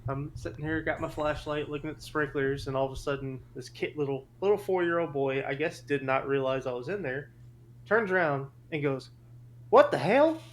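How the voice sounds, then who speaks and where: A man's voice: a little high, a little fast, slight background noise. A man co-hosting a podcast, telling funny work stories in casual chat and laughing as he goes. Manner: laughs through his stories. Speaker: podcast co-host. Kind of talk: casual storytelling.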